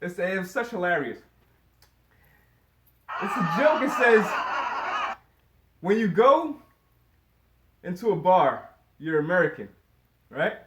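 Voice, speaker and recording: A man's voice: high-pitched, fairly bright tone. A man doing a first-time stand-up comedy set, rambling with lots of fillers and chuckling through his lines. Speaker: stand-up comic. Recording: echoey room with noise.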